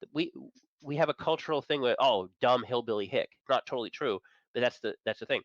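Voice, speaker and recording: A man's voice: mid-range voice, fast talker, no echo, muffled recording. A man chatting as a guest on a talk show, enthusiastic and opinionated, chuckling between points. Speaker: guest, managing editor of an entertainment and tech site. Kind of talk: casual chat.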